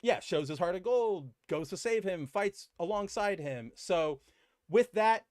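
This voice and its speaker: A man co-hosting a casual comic book podcast, animated and acting out characters' lines as he recaps. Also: sits high, unhurried, no echo, clean studio sound. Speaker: podcast co-host.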